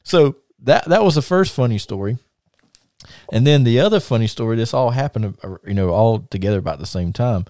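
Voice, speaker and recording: A man's voice: medium pitch, expressive, a little fast, darkish tone, no room sound, clean studio sound. A man hosting a podcast, telling stories casually in a rambling way, repeating words and laughing at his own tales. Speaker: podcast host and wrestling promoter. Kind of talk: casual storytelling.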